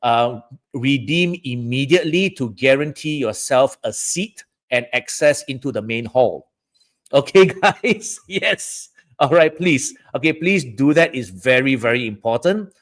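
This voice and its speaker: A man's voice: medium pitch, expressive, measured pace. A man from Southeast Asia hosting a live-streamed feng shui talk, chatty and often checking in with "all right" and "okay, guys".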